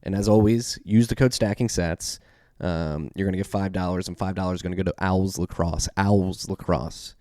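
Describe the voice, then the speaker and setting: A man's voice: sits low, steady tone, brisk, dark tone, dry recording, clean studio sound. A man with a Philadelphia accent hosting a podcast, reading the intro and the sponsor spots in a loose, off-the-cuff way with many fillers and self-corrections. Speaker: podcast host. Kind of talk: casual podcast intro and ad reads.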